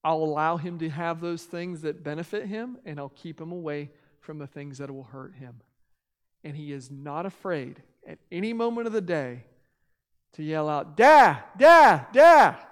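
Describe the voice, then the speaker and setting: A pastor in his thirties preaching a sermon and reading scripture, earnest, his loudness rising and falling. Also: on the high side, normal speed, big-room sound.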